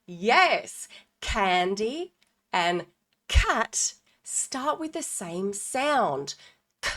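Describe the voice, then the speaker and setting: A woman's voice: mid-range voice, big pitch swings, very slow. A woman, a literacy educator, explaining early reading games to parents in an informal, playful teaching talk. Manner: warm, playful modeling of sound games with children. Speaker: literacy educator and podcast host.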